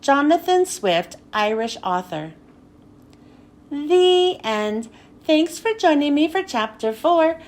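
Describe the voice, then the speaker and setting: A woman reading a children's book aloud in a high, lively voice. Her storytelling is animated and expressive, with her pitch moving constantly. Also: slow.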